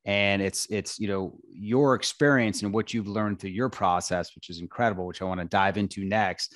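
A man's voice: fairly low pitch, steady tone, moderate pace, a bit bright, no echo, studio quality. A man from North Carolina with a Southern accent, hosting a podcast interview in a friendly, easygoing way with many restarts and fillers, speaking into a headset. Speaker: podcast host. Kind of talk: conversational interview.

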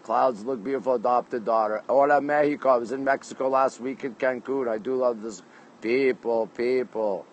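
Greeting viewers by place name, a man from Canada reads their comments aloud into his phone during a casual livestream on a city rooftop at night. His voice is mid-range and steady at a moderate pace, and the audio is poor with slight background noise.

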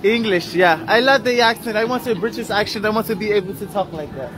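A man's voice: high voice, fast talker. A man making a casual travel vlog, chatting upbeat with shop staff in a busy food shop. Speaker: travel vlogger. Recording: crowd chatter and music behind.

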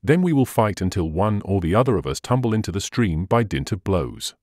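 A man giving voice to a bold, merry outlaw chief who boasts in old-fashioned speech. The voice sits low and swings lively through each line, read close and dry like a storybook recording. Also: fairly quick, no room sound. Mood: challenging. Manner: archaic hearty speech, laughing boasts. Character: merry bold male outlaw leader, hearty.

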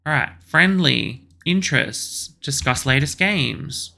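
Woman, let's play commentary, deep voice, lively swooping pitch, exasperated, bossing characters around. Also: moderate pace, creaky. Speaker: gaming channel host.

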